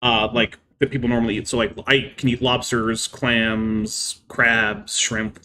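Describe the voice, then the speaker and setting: A man's voice: mid-range voice, level tone, unhurried, pushed and bright, slight background noise. A man hosting a live stream, explaining science at length with many "I mean" fillers. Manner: careful, lecturing explanations. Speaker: livestream host.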